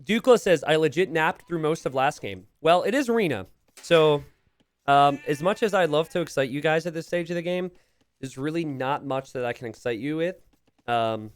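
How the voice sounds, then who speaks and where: A man's voice: a little high, expressive, moderate pace, clean tone, no room sound. A young man from Pennsylvania casting a strategy game on a live stream, rambling casually and chatting with viewers. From Pennsylvania, USA. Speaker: game caster.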